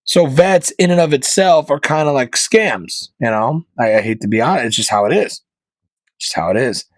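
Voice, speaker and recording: A male podcast host rants in a comedic monologue, hammering his points home with loud bursts and then dropping to low, muttered asides. His voice sits at an ordinary middle pitch and sounds close and dry, with no room echo at all. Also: expressive, moderate pace. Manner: opinionated, emphatic, jumps between loud punchlines and low mutters.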